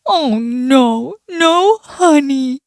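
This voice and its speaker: A young woman with an Indonesian accent voicing a greedy, hot-tempered male bear who yells and wails. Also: high-pitched, animated, dry recording, clean studio sound, heavily acted. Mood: angry whiny. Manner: yelling, wailing, drawn-out. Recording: faint background music.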